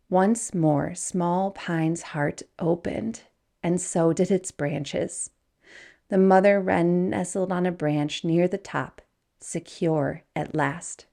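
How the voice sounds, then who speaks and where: Slow, gravelly woman reading a storybook. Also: lowish voice. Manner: gentle, unhurried read-aloud with soft hushed passages.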